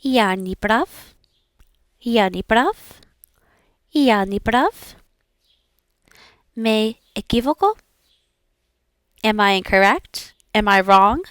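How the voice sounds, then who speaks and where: A woman's voice: mid-range voice, lively intonation, slow pace, long pauses, a bit bright, no echo, clean studio sound. A young woman learning languages, repeating practice words aloud and chatting casually with fillers.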